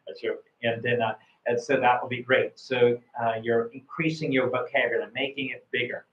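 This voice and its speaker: A man's voice: medium pitch, level tone, fairly quick. Encouraging male speaking-test coach. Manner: encouraging, repeats words and restarts often. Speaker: IELTS speaking examiner and coach. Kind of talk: spoken test feedback. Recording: roomy, dull lo-fi sound.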